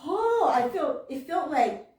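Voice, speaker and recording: Her voice high-pitched, very animated, and a little mellow, a woman minister slowly tells a sermon story with a lilt. She laughs a lot and plays out her own reactions. The temple hall is echoey and the mic is distant.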